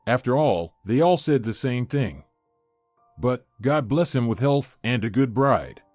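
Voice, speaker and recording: A man reads a family story aloud in a steady, scripted way, his voice sitting at a middle pitch. The sound is dry and close to the mic, with faint music behind him. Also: a little slow, no echo. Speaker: narrator. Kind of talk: scripted narration.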